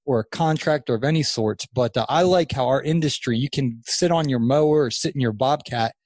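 A man in his thirties, a podcast guest, telling a long story in casual chat, animated and rambling with restarts. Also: medium pitch, brisk, dry recording, studio quality. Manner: animated, acts out quoted voices, rambling restarts. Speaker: podcast guest, lawn care business owner.

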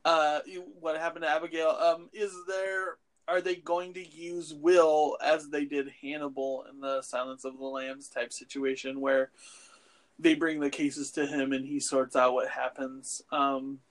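A man's voice: on the high side, level tone, unhurried. A man co-hosting a casual podcast chat about films and TV, rambling and profane with lots of fillers. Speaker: podcast co-host.

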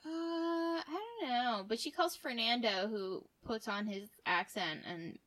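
Bright-voiced woman, wry and sarcastic. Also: on the high side, measured pace. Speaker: podcast co-host. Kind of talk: casual movie chat.

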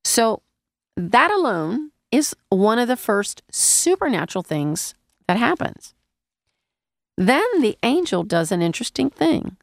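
A woman's voice: medium pitch, vocal fry, no echo, clean studio sound. A woman teaching a Bible passage in a conversational sermon, speaking around a lozenge in her mouth and asking her listeners questions.

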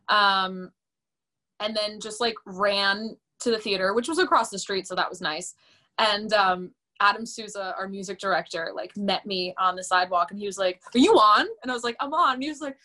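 Bright, chatty young woman telling a story. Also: mid-range voice. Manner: animated and chatty, many fillers, laughs often. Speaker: podcast guest, musical theater performer. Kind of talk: casual interview storytelling.

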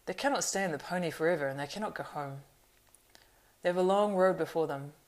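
A grim, weathered male ranger, as a woman reads him in a storybook. He speaks low, quiet and grave, with slow, measured words. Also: lightly acted. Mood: challenging.

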